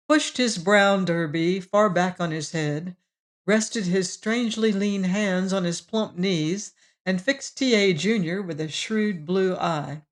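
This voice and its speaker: A woman narrating a classic novel as an audiobook, measured and expressive. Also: medium pitch. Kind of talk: scripted narration.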